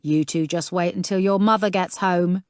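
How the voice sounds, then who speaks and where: Brief: woman reader doing a steady middle-aged policeman, dry teasing humour, storybook. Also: fairly low pitch, normal speed, smooth, no echo, close to an everyday voice. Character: middle-aged male detective sergeant, dry joker.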